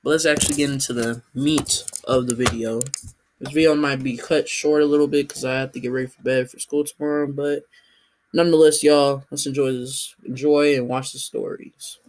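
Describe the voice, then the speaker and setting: A young man hosting a video, giving casual reaction commentary in slangy, excitable chatter. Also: medium pitch, normal speed. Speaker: video host reacting to animations.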